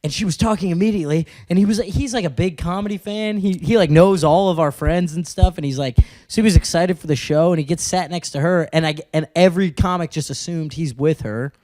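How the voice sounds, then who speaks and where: Comic co-host, storyteller who acts out the quotes; slightly high voice, dead-dry sound. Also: male voice, fairly quick, hardly any pauses, darkish tone, no echo. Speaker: podcast co-host, stand-up comic. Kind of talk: casual chat.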